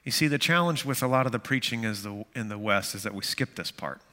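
A man's voice: on the low side, lively intonation, fast, pushed and bright, long reverb tail. A man preaching a sermon to his church in a conversational way, with self-deprecating jokes and many fillers. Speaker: pastor.

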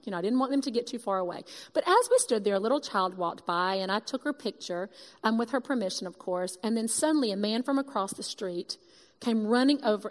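A woman giving a sermon, telling a personal story with lively, emphatic quoted dialogue. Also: mid-range voice. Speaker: speaker giving a sermon testimony. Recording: long reverb of a large hall.

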